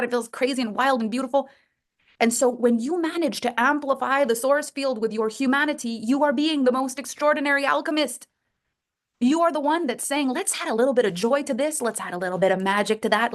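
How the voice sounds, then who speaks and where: A middle-aged woman, a life coach, talking to listeners in a coaching call and acting out inner voices with big jumps in her voice. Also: fairly high pitch.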